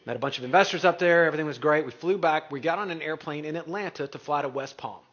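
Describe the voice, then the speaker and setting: A middle-aged man speaking to an audience, telling a story in an animated way and acting out the voices of others. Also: fairly high pitch, fast. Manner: animated, acts out quoted voices. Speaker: real estate speaker. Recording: dull lo-fi recording.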